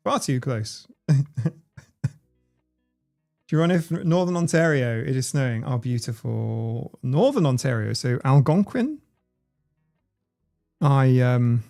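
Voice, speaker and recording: A man's voice: medium pitch, gravelly, a little mellow. A man, hosting a casual livestream and reading out viewers' comments in a chatty, playful way. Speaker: livestream host.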